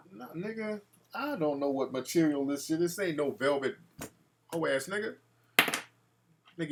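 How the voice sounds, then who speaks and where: A man's voice: a little high, a bit bright. A man hosting a casual call-in show, talking in a brash, profane way and reacting to his live chat. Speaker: talk show host.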